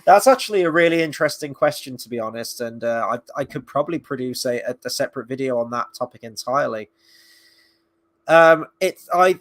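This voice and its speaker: Enthusiastic man chatting through a review. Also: medium pitch. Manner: enthusiastic, opinionated, thinking aloud. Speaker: film and TV reviewer. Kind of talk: casual live-stream review chat.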